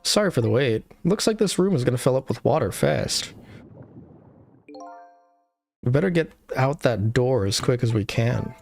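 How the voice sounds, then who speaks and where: Woman dropping low for a wry ghost guy. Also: animated, a little fast, gravelly, a little mellow, soft background music. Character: young male ghost, wry and laid-back.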